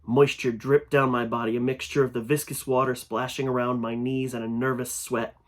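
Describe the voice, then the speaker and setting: A man's voice: mid-range voice, little pitch movement, normal speed. Man reading a horror story aloud. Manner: grows louder and tense in frightening passages. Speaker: fiction reader. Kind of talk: first-person horror audiobook narration.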